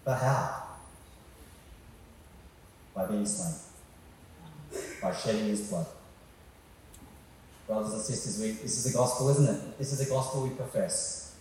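A man's voice: lowish voice, measured pace, pauses often, a little mellow, recorded from a distance, a little hiss or hum. Male preacher in echoey hall. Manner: conversational, asks the congregation questions. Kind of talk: sermon. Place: church hall.

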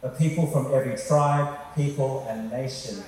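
A man's voice: medium pitch, fairly even intonation, normal speed, a little mellow, recorded from a distance, slight background noise. Male preacher in echoey hall. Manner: conversational, asks the congregation questions. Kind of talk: sermon. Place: church hall.

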